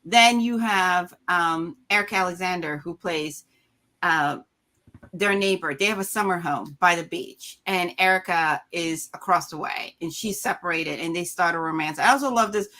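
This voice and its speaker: Woman critic gabbing on a podcast, bright crisp voice, acts out the quotes, laughs a lot. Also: fairly low pitch, moderate pace. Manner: animated storytelling, acts out quoted characters. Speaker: film critic. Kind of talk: casual podcast roundtable chat.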